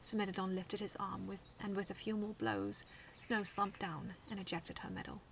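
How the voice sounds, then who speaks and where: A woman reading her own first-person fan fiction aloud in a hushed, half-whispered narration. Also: mid-range voice, sing-song, normal speed, gravelly. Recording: distant mic with faint noise.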